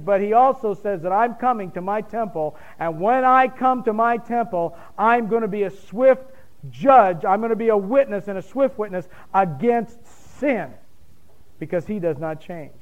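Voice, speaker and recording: A man's voice: high-pitched, animated, a little slow, muffled recording. A man preaching a sermon with emphatic bursts and questions thrown to the congregation. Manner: emphatic, rising to loud points, quizzes the congregation.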